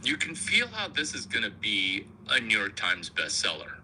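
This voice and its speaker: A man's voice: lowish voice, wildly swooping pitch, moderate pace, sharp tone, a little hiss or hum, poor audio. A man hosting a rambling comic monologue, provocative, crude and self-mocking. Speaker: comedian host.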